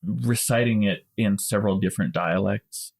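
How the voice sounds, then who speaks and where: A man's voice: on the low side, moderate pace, gravelly, darkish tone. A man co-hosting a podcast, explaining things at length in casual chat with small restarts. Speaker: podcast co-host.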